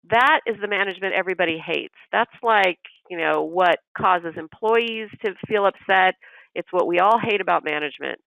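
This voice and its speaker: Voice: mid-range voice, gravelly, no room sound, dull audio. A business systems trainer leading a recorded training session, explaining step by step and acting out short bits of manager dialogue. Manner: explanatory, walks through examples step by step; acts out manager dialogue in quotes.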